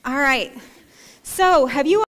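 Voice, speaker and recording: High-voiced woman pastor coaxing children. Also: animated, slow pace, fairly bright tone. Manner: playful, coaxing, directs children to act out the story. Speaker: pastor leading a children's message. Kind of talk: interactive children's story with props. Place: church sanctuary. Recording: echoey church hall.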